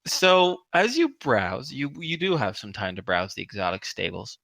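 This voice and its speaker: A man's voice: medium pitch, big pitch swings, normal speed, creaky, a bit bright, no echo. A man running a tabletop game as game master, narrating the scene and teasing his player with laughs. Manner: playful, teasing, laughs often.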